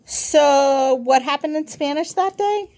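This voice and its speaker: A woman's voice: sits high, slow, a little mellow, voice pushed up. A woman doing a curious prodding schoolgirl. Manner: prodding questions.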